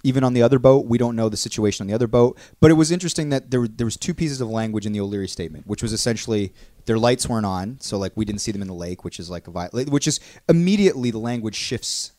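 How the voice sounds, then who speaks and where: A man chats on a podcast, spinning a long anecdote in a quick, rambling way. He talks fast and piles up fillers and restarts. The sound is close and dry. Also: mid-range voice, no echo. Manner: rambling storyteller, quick and animated, many fillers. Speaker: podcast co-host. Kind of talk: casual chat.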